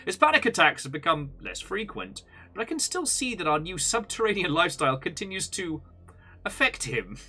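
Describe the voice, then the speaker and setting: A male expedition researcher, voiced by a man, reads his log in a mock-formal, put-on British accent. The voice is very bright and lively, rising and falling a lot, with faint music underneath. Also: high-pitched, fairly quick, pitched above the performer's own voice, full character voice. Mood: reporting.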